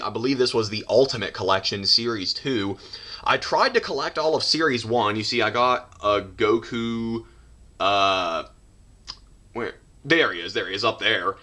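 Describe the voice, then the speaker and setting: Bright-voiced young man rambling casually. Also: medium pitch, normal speed. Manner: rambling, with many fillers and restarts and goofy asides. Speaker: toy collector showing his collection. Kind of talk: casual rambling video tour. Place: home bedroom, indoors.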